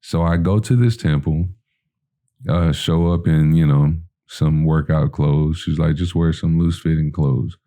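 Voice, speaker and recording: A man's voice: a bass voice, fairly even intonation, a little slow, mellow. A man telling a long personal story on a podcast in a rambling, casual way, full of fillers, acting out what people said. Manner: rambling, full of "you know" and "like", acting out quoted dialogue. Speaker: podcast guest.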